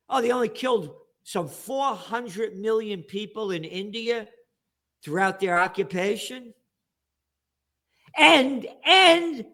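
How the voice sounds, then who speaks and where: A man giving ranting political commentary as an interview guest, sarcastic, with bursts of shouting. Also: high-pitched.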